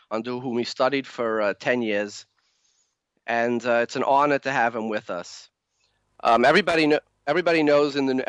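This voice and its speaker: A man hosting a talk program who introduces his guest and poses questions in an earnest, measured way. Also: mid-range voice, fairly bright tone, dry recording, lo-fi sound. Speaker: talk show host.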